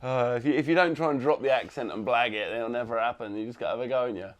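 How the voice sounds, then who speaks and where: A man from England with an English accent, hosting a casual chat and telling lively anecdotes, laughing often and acting out what people said. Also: mid-range voice, fast talker. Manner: animated anecdotes, laughs often, acts out quotes. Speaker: host, custom car builder.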